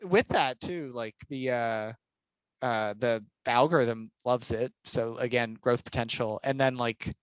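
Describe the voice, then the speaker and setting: A man's voice: medium pitch, a little slow, clean tone, no echo, poor audio. A man talking casually as a guest on a podcast, nodding along and acting out thoughts in quotes. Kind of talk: casual conversation.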